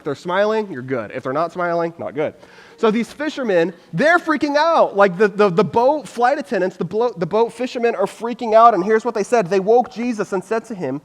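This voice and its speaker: A man's voice: high voice, long reverb tail. A man giving a casual, chatty sermon as pastor, acting out people's reactions and filling his talk with "like". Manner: chatty, lots of "like", acts out reactions.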